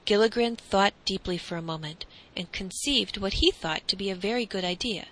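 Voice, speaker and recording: A woman narrating a classic storybook in a calm, measured reading. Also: medium pitch, low-quality recording.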